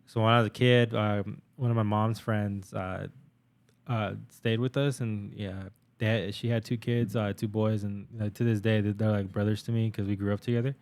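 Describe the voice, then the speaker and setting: A man's voice: on the low side, level tone, moderate pace, darkish tone, clear, resonant tone. A young man co-hosting a podcast, telling stories in a rambling, profane casual chat with many fillers. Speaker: podcast co-host.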